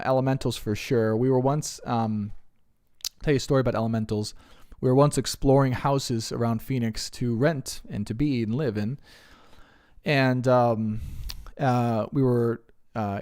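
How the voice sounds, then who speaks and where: Here a spiritual reader, a young man, fields questions from viewers in a relaxed live stream. His mid-range voice is clear and resonant; he rambles earnestly and becomes animated as he retells stories.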